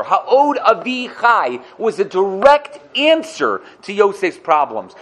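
A man teaching a Torah lesson, animated, acting out the quotes he cites and asking his listeners questions. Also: sits high, takes it slowly, few pauses.

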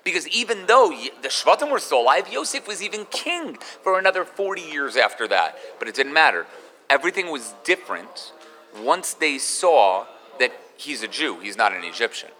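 A man teaching a Torah class in an animated way, mixing in Hebrew terms. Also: fairly high pitch, moderate pace, in a large hall. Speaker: rabbi giving a Torah class.

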